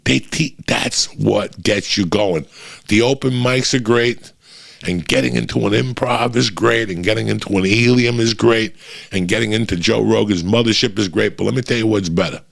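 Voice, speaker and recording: Middle-aged guy with a low gravelly voice, swearing constantly, telling comedy road stories. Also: moderate pace. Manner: profane, animated storytelling. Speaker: comedian guest. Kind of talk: storytelling chat.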